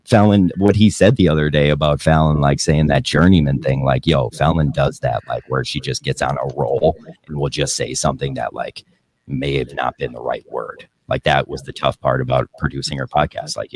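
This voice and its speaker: A man's voice: extremely low pitch, steady tone, fairly quick, husky. A young man hosting a podcast, talking casually, profanely and in a rambling way, often laughing. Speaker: podcast host.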